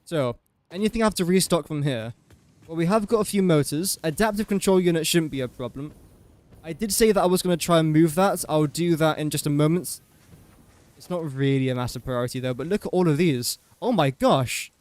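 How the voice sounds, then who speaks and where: A man's voice: a little high, a little mellow, dry recording. Chatty, self-mocking young man streaming games. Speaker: gaming livestreamer. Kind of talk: casual gameplay commentary.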